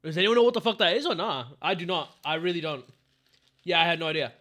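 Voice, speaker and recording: Young male streamer, casual and foul-mouthed, with a slightly high, sharp, forceful voice. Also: fast talker. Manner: profane, excitable, calls the chat bro. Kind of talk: casual live-stream gaming chat.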